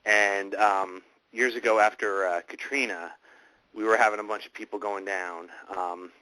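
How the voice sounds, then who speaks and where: A man hosting a casual online radio chat, talking in a halting, rambling way with many restarts. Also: on the low side, steady tone, pushed and bright, no echo, low-quality recording. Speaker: host.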